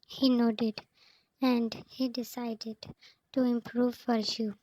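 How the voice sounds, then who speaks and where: A woman reading a fanfiction story aloud, announcing each speaker's name before their lines. She goes at an unhurried, slow pace in a fairly high voice. Her delivery stays level, with little rise and fall. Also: little pitch movement, darkish tone, no room sound, low-quality recording. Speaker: fanfiction reader.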